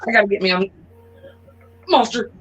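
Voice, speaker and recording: A woman's voice: mid-range voice, lively intonation, normal speed, a bit bright, slight background noise, poor audio. A woman, co-hosting a casual group chat and teasing the others. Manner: joking, teasing.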